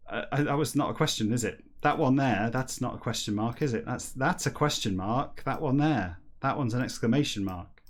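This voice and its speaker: A man hosting a comedy stream, rambling wryly between stretches of reading a book backwards aloud. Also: medium pitch. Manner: chatty, rambling and wry, breaking into silly slow-read dialogue. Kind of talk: livestreamed comedic reading and chat.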